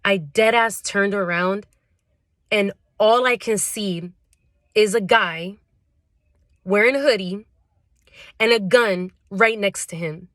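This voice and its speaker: A woman's voice: mid-range voice, takes it slowly, long pauses, a bit bright, no room sound, studio quality. A young woman vlogger telling a storytime tale in casual slang, full of fillers. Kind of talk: storytime vlog.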